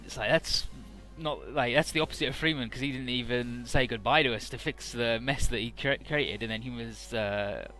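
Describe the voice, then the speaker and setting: A let's-play host with a mid-range, sharp-toned voice recaps a game's story over faint music. He swears casually and paraphrases the dialogue in quick, put-on snippets.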